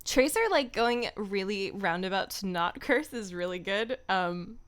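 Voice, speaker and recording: A woman's voice: medium pitch, measured pace. A young woman streaming as a voice actor, chatting casually in a giggly, self-deprecating way into her microphone. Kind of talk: casual livestream chat.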